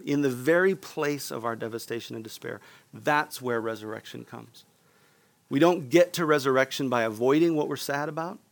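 A male pastor delivers an earnest sermon in a mid-pitched, gravelly voice. He speaks directly to the congregation and often pauses for their response. His tone stays sincere and steady throughout. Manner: earnest preaching, asks the room for responses.

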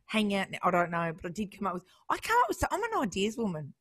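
A woman's voice: mid-range voice, wildly swooping pitch, fairly bright tone. A woman co-hosting a radio show, telling stories in casual banter and laughing often. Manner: chatty, storytelling, quick to laugh. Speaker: radio co-host.

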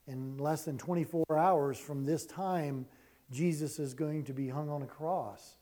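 A man's voice: a little high, steady tone, a little slow, dark tone. A male pastor reading scripture aloud and then preaching a sermon, stressing key words as he goes.

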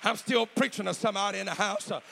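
A man preaching a sermon, shifting between a low, intimate delivery and shouted, sing-song whooping, with "uh" filling his pauses. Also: vocal fry, big-room sound, some chatter behind, a little hiss or hum. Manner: fills pauses with "uh". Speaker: pastor.

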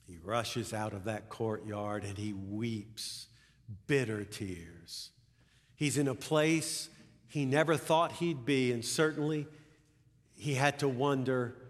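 A man preaching at a deliberate, unhurried pace, his voice carrying a long reverb through a large hall. He retells the story with drama, swelling loud and high for quoted speech, then sinking quiet and low for reflection. His pitch sits in a middle range. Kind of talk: sermon.

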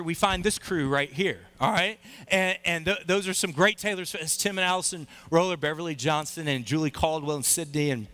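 A middle-aged man preaching a sermon, telling a personal story with lively, acted-out quotes. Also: high-pitched. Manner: animated storyteller, acts out quoted voices. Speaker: pastor.

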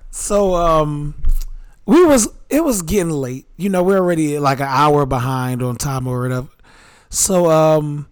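A man co-hosting a podcast, telling stories in a loose, slangy way with laughs in between. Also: fairly high pitch. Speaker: podcast co-host. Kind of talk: casual chat, storytelling.

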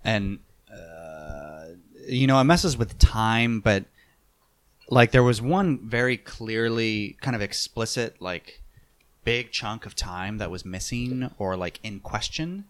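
A man in casual podcast chat, hesitant, often trailing off quietly. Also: fairly low pitch, slow pace.

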